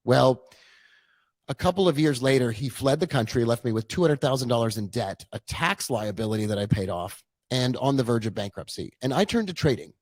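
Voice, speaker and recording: A man's voice: medium pitch, lively intonation, brisk, a little mellow, no echo. Chatty man telling his story, dry sound. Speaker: trading coach. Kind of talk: casual live-stream talk.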